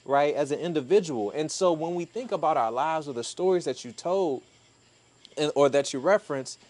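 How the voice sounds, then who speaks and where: A man's voice: on the high side, moderate pace, darkish tone. A man co-hosting a podcast, explaining his ideas in a thoughtful and emphatic way. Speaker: podcast co-host. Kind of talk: casual conversational discussion.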